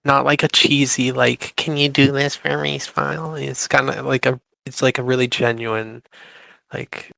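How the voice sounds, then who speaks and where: Man, tabletop role-play, earnest, halting, gravelly, bright, dry close mic. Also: medium pitch, steady tone, no room sound, poor audio. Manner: earnest, halting, polite, many restarts. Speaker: player character voice.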